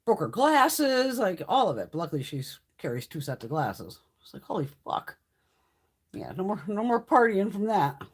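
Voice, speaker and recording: Husky, lively woman telling stories. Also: mid-range voice, moderate pace. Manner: profane, animated storytelling. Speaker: beauty livestream host. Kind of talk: casual livestream chat.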